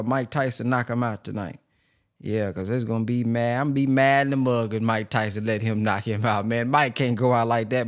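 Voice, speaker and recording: A man's voice: medium pitch, vocal fry, dry recording, studio quality. A man talking casually to his viewers, rambling and heartfelt with lots of fillers. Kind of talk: casual personal talk to viewers.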